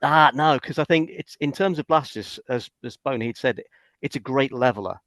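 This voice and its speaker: A man's voice: mid-range voice, moderate pace, fairly bright tone, no echo. A man from England, a guest on a casual chat, talking eagerly in a storytelling way. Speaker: podcast guest.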